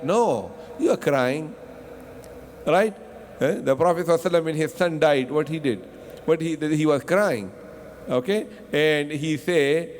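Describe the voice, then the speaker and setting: Casting note: a male mosque teacher with a high voice, non-native English, rhetorical questions and lots of repetition, faint noise behind. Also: normal speed, big-room sound. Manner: asks the class questions and answers them himself; repeats himself and restarts often. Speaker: Quran teacher. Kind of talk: mosque tafseer lesson.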